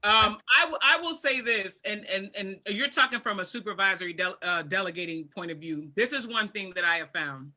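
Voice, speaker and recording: A woman's voice: mid-range voice, animated, a little fast, few pauses, pushed and bright. A woman co-hosting a casual panel talk show, giving practical advice and repeating her key points. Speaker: podcast co-host.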